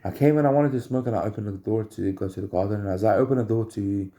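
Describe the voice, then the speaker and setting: A man with a very deep, gravelly voice tells rambling personal stories at home. His tone is dark and mellow. He talks haltingly and often repeats phrases while he searches for words. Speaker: storyteller.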